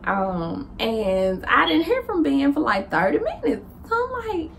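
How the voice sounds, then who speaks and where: Animated Southern woman telling a story. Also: a little slow, noisy background. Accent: Southern US (Memphis). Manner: lively, laughing, acts out dialogue with big pitch jumps.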